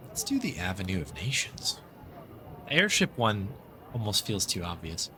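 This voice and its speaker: A man's voice: low-pitched, wildly swooping pitch, moderate pace, pushed and bright, slight background noise. American man streaming, reading game text. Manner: reads narration aloud, thanks subscribers, chatty asides. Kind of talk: casual game commentary, reading story text aloud.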